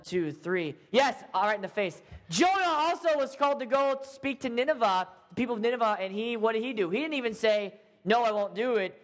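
A man leads a lively Bible lesson, playful and animated as he gives out quiz points. His voice sits high for a man. A long hall echo follows him. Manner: animated, playful, acts out the characters. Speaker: Bible class teacher. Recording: echoey hall.

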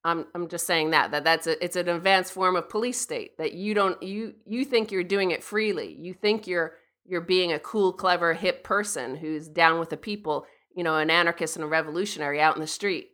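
A woman's voice: lowish voice, moderate pace, few pauses, fairly bright tone. A woman co-hosting a talk radio show, making earnest, insistent points with frequent restarts. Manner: earnest, insistent, repeats herself. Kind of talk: casual talk radio commentary. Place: radio studio.

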